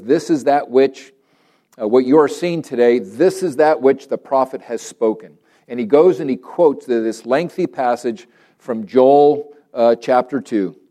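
A man leading a church prayer and then preaching, earnest and emphatic, repeating phrases and slowing down on key words. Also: mid-range voice, warm tone. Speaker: pastor. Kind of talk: prayer and sermon.

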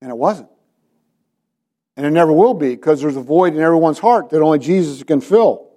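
A man's voice: a little high, animated, moderate pace, warm tone. A man preaching a sermon to a congregation, retelling scripture and asking his listeners direct questions. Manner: dramatizes scripture with quoted voices. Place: church.

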